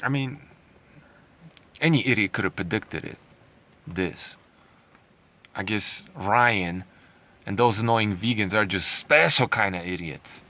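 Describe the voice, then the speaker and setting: A commentary vlogger rants sarcastically and heatedly, reading out news lines and mocking them with scornful laughter. His low, expressive voice has a sharp tone, and he talks slowly with long pauses.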